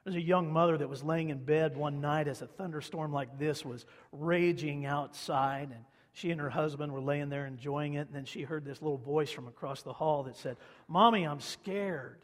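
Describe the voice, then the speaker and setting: A man's voice: fairly high pitch, steady tone, normal speed, hardly any pauses. Man preaching in an echoey hall. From Kansas. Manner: conversational storytelling, repeats phrases for emphasis. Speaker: pastor. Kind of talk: sermon.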